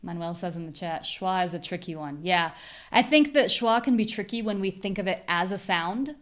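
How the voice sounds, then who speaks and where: A young American woman teaching a live online pronunciation class, clearly drilling syllables and explaining word stress. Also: fairly low pitch, expressive. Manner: clear, demonstrative, repeats syllables slowly for drills.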